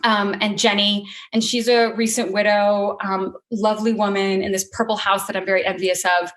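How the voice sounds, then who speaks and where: Before an audience, a woman with a medium-pitched voice tells a personal story in a relaxed, conversational way. She is earnest and openly emotional, sometimes laughing through tears, and fills her pauses with plenty of ums.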